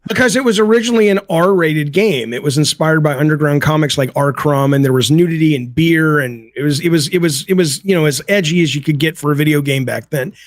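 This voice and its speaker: A man's voice: fairly high pitch, brisk, hardly any pauses, no room sound. A middle-aged man, a game developer guest on a podcast, talking in a blunt, emphatic, opinionated way. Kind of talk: casual podcast chat.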